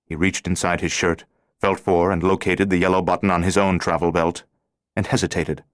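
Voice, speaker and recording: A man reading an audiobook thriller in a steady, measured scripted narration. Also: low-pitched, no room sound, studio quality.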